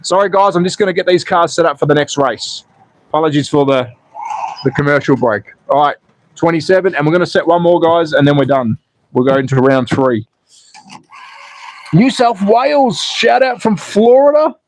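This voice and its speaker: A man at home, excitedly calling slot car races on a live stream and casually chatting with viewers. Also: fairly high pitch, fairly quick, slight background noise, rough recording. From Australia. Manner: excitable commentary, then relaxed chatting with viewers. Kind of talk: live race commentary and chat reading. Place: home in Austria.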